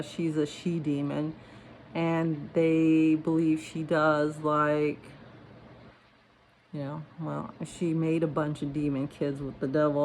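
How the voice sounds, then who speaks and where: A woman's voice: low voice, a little hiss or hum. Rambling woman telling strange stories. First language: not English. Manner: rambling, many fillers and "you know". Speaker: storyteller. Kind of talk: casual personal storytelling.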